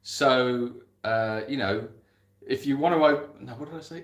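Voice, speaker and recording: Brief: English man, mid-pitched, rambling live-chat host, roomy echo. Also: measured pace. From England. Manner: chatty, rambling, laughs at himself. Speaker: animal sanctuary host reading live chat.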